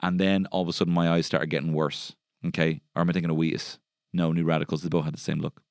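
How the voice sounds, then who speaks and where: A man's voice: sits low, level tone, quick pace, darkish tone, clean tone, no room sound, clean studio sound. A man with an Irish accent hosting a solo comedy podcast, rambling and sardonic, swearing freely. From Ireland. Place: podcast studio.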